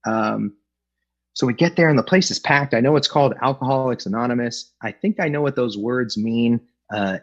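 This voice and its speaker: A man's voice: medium pitch, slightly rough, highs cut off. A middle-aged man from Los Angeles telling his recovery story at an AA meeting, wry and joking, acting out the voices he quotes, over a video call. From Los Angeles, California. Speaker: AA speaker.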